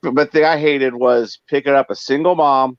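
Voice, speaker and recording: A man's voice: mid-range voice, fairly even intonation, moderate pace, no room sound, lo-fi sound. A man telling stories in casual chat, putting on voices for the people in them. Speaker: guest.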